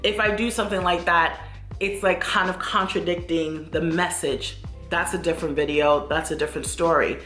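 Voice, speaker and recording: A woman's voice: lowish voice, fairly even intonation, normal speed, a bit bright, soft background music. A woman vlogger speaking candidly to camera in an earnest, reflective way, often repeating phrases for emphasis. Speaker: lifestyle vlogger.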